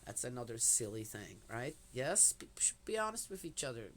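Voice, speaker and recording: An older woman with a bright, forward voice talks casually to her camera in a rambling, chatty way. She wanders from one thought to the next and keeps dropping in small affirming asides before settling into Bible commentary. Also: rumbling low, very animated, moderate pace. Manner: meandering, chatty, frequent "yes" and "anywho" asides. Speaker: vlogger.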